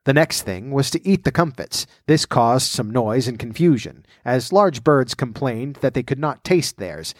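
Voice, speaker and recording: A man reading a classic children's story aloud in a measured, unhurried way. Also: mid-range voice, dry recording, clean studio sound. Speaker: podcast storyteller.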